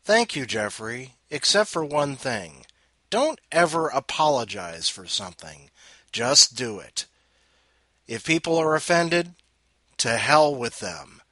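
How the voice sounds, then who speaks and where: A man's voice: medium pitch, bright, forceful tone, dry recording. A man hosting a podcast with a blunt, profane, sardonic manner, sounding sick and tired. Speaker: podcast host. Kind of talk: casual monologue.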